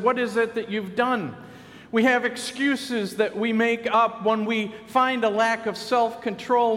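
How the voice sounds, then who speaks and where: A man delivers a sermon in an earnest, measured manner, now and then slipping into quoted voices. His voice sits notably high for a man. The sound carries a long reverb, like a church hall. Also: fairly bright tone. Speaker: pastor. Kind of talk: sermon with storytelling.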